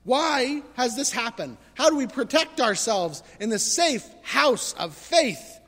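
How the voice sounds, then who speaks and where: A man preaching a conversational sermon, animated and full of rhetorical questions. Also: extremely high pitch, slow, big-room sound. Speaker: pastor.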